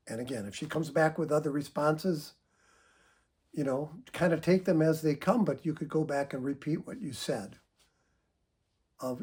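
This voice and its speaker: A man speaking as a psychotherapist, giving calm, measured advice to viewers with frequent "uh" fillers. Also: on the high side, breathy edge.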